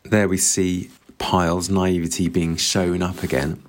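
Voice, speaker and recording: A man's voice: sits low, flat delivery, a little slow. A man discussing a novel and reading quotes aloud, engaged and analytical. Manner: engaged, analytical, reads with relish. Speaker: book reviewer.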